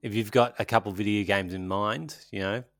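A man's voice: on the low side, fairly even intonation, fairly quick, no room sound, clean studio sound. A man chatting casually as a podcast co-host, rambling and joking, often trailing off mid-sentence. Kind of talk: casual chat.

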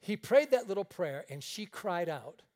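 A male pastor with a slightly high voice preaches to a live congregation in a church room. He tells his story in a folksy, joking way and acts out the people in it. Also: sing-song, moderate pace, darkish tone. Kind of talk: sermon with storytelling.

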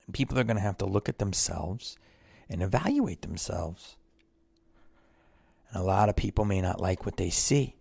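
A man's voice: low-pitched, creaky, dry recording. A man who is an actor and podcast host, delivering a blunt, profane, rambling monologue in casual talk. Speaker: actor on tour.

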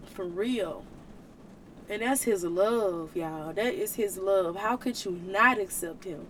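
On her faith podcast, a woman with a medium-pitched voice talks slowly in a heartfelt, sermon-like way, mixing in casual slang. At moments she becomes tearful, and slight background noise can be heard.

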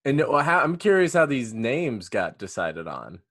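Animated mock-earnest male interviewer. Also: medium pitch, normal speed. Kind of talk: improv comedy interview.

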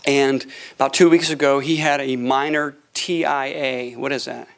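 A middle-aged male pastor preaching a sermon to a congregation, swinging from hushed asides to shouted praise and telling stories with quoted dialogue. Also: mid-range voice, steady tone, moderate pace, vocal fry. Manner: tells a story with quoted dialogue. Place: church sanctuary before a congregation.

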